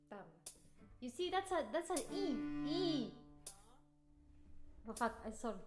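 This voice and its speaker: A woman musician chatting casually on a livestream between practice takes, rambling into joking rants. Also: high-pitched. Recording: roomy echo.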